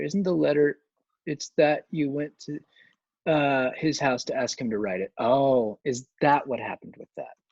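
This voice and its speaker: A man hosting a livestream Q&A, answering questions with deadpan absurd humor. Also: fairly high pitch, vocal fry, dry recording, lo-fi sound. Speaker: host. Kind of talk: livestream Q&A chat.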